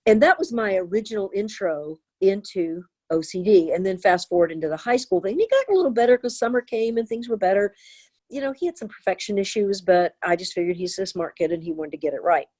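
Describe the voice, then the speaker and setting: An older woman, a therapist and author, telling a personal story in an interview with earnest, animated delivery. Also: medium pitch, brisk.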